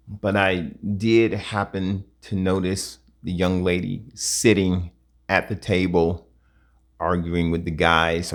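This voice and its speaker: A man telling a personal story in a casual, halting way, in short broken phrases. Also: deep voice. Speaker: vlogger.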